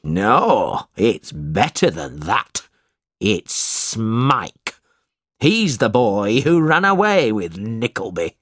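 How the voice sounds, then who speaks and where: A cruel schoolmaster gloats and barks orders in a storybook reading, acted by a man. He drags his words slowly with a rough, husky grain. His voice leaps about as he sneers. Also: fairly low pitch, no echo, clean studio sound, exaggerated voice. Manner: bullying, shouting.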